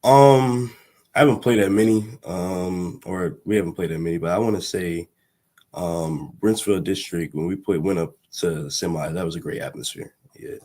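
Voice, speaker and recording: A teenage young man, a high school athlete giving short, polite answers in an interview. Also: normal speed. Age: teens. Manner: polite, brief, soft-spoken answers. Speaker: guest, high school running back.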